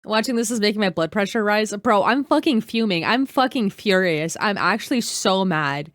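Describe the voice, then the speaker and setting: A woman's voice: medium pitch, lively intonation, moderate pace, fairly bright tone, dry recording, clean studio sound. A young woman streaming a reaction video, talking heatedly, swearing and greeting her chat by name. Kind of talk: casual live-stream reaction.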